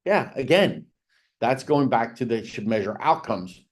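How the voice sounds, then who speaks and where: A real estate coach leads a business planning seminar for agents in a conversational style, often saying "right?" and "again." He has a mid-range, sing-song voice and an unhurried pace. Key points get rising emphasis.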